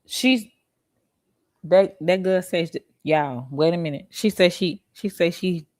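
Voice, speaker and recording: Slow-talking woman reacting with sass. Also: fairly low pitch, no room sound, studio quality. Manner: animated, laughing, rhetorical questions to viewers. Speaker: commentary channel host. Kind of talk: reaction commentary.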